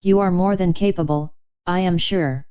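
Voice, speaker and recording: A woman voicing a charming, ingratiating male nobleman with a caressing, flattering way of speaking, in an audiobook. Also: lowish voice, moderate pace, clean tone, muffled recording, lightly acted. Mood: probing.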